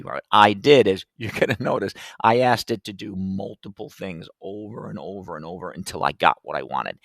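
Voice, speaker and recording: A man's voice: on the low side, fairly bright tone, no room sound. A man hosting a teaching podcast, walking through a screen demo step by step in a chatty, loose way with plenty of fillers. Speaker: podcast host teaching classroom tech. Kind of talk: casual screen-share walkthrough.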